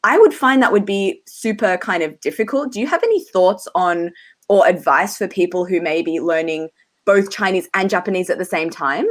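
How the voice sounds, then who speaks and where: A woman's voice: on the low side, animated, moderate pace. A woman hosting a casual livestream interview, asking questions in a friendly, hesitant way with many fillers. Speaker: livestream host.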